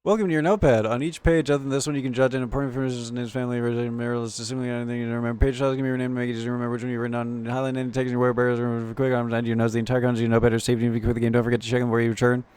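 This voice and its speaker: Guy streaming a game, reads the text out fast, cusses and laughs a lot. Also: medium pitch, flat delivery, a little mellow, clear, resonant tone. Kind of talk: casual gameplay commentary.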